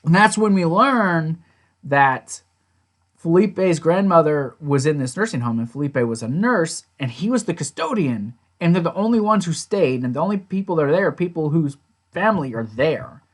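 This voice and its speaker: A man's voice: a little high, animated, moderate pace. A man casually recapping and reviewing a TV episode, rambling along with lots of "you know" and "like".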